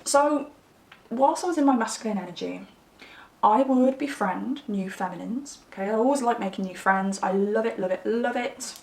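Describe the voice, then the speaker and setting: A woman's voice: mid-range voice, normal speed, vocal fry. Chatty woman reading tarot. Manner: chatty, rambling, animated storytelling. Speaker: tarot reader. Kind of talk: casual pick-a-card reading to camera. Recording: roomy, slightly distant mic.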